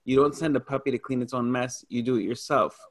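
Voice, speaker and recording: A man's voice: medium pitch, fast. A man hosting a casual discussion, informally asking questions about faith.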